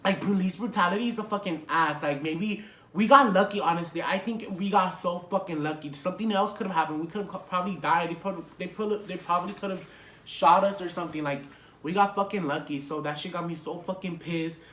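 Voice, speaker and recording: Young male vlogger, casual and profane story time, sharp bright tone, roomy echo. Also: high voice, brisk. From Los Angeles area.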